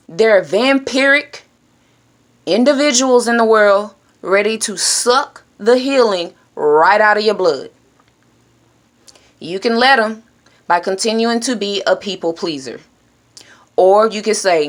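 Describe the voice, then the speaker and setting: A woman speaking straight to her audience in a motivational monologue, blunt and preachy, often pausing with a questioning "hmm?". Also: medium pitch, lively intonation. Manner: direct, preachy, adds "Hmm?" checks. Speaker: self-help speaker.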